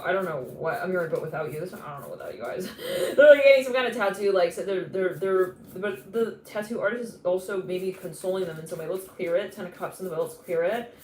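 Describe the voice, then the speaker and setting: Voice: mid-range voice, fairly quick. Live tarot reader with a rambling, laugh-filled delivery, recorded in a roomy space with faint noise. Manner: rambling, chatty, laughs often, restarts mid-thought. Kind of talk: live intuitive tarot reading.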